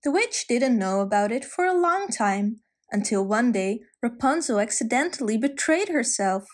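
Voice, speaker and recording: A woman telling a fairy tale gently, with asides to the listener. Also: on the high side, expressive, normal speed, few pauses. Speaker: storyteller.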